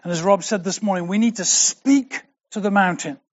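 A man preaching a sermon, emphatic and slow, repeating key words for weight. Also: sits high. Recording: dull lo-fi recording.

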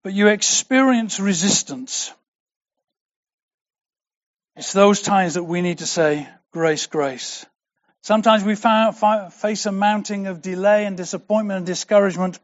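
A man preaching a sermon, emphatic and slow, repeating key words for weight. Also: high voice. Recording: dull lo-fi recording.

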